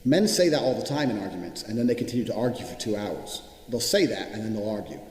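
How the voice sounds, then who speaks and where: A man's voice: lowish voice, lively intonation, quick pace, darkish tone. A man giving a blunt, profane and emphatic motivational monologue. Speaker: motivational speaker. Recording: echoey with long hall reverb.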